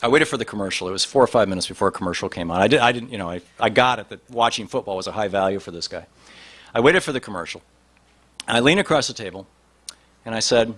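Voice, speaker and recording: A man's voice: on the low side, lively intonation, fast talker, a bit bright. Rambling male storyteller. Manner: rambling with many restarts and fillers. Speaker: speaker telling an anecdote. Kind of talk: storytelling talk.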